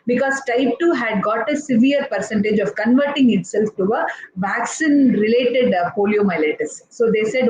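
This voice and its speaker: A woman's voice: on the high side, darkish tone, slight background noise. Indian woman, pediatrician, explains patiently, many restarts, echoey room, dull lo-fi sound. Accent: Indian English. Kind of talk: explanatory talk in a live chat. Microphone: live online session.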